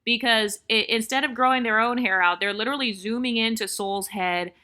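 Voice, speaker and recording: A woman's voice: a little high, a little fast, bright, forceful tone. A woman vlogger giving blunt, opinionated commentary on online comments, repeating her points for emphasis.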